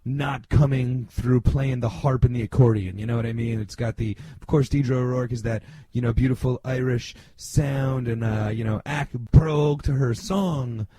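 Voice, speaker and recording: Rambling husky-voiced man, warm tone. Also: mid-range voice, steady tone, moderate pace. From New Jersey. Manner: rambling, many fillers and restarts; blunt, casual swearing. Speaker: podcast host. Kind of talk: casual monologue.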